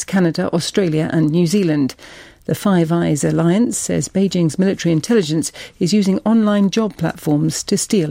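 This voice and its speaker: A woman reading a formal radio news summary in a steady, measured way. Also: on the low side, vocal fry, no room sound. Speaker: newsreader.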